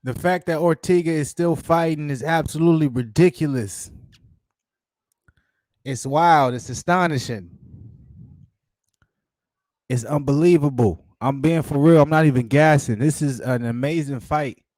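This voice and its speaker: A man's voice: fairly high pitch, a little slow, pauses often, a little mellow, no echo. Hyped man reacting to a fight. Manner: hyped, slangy, repetitive exclamations. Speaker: channel host. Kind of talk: live fight watch-along commentary.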